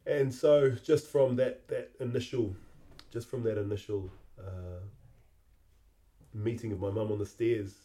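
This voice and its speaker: A middle-aged man, hosting a podcast and telling a personal memory in a halting, reflective way that often repeats words. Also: fairly low pitch, fairly even intonation, warm tone. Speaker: podcast host.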